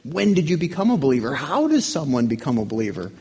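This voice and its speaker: A man delivers a sermon in a relaxed, conversational way, asking his listeners questions. His voice is gravelly and a little husky. His pitch moves up and down a lot as he preaches. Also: fast. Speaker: pastor.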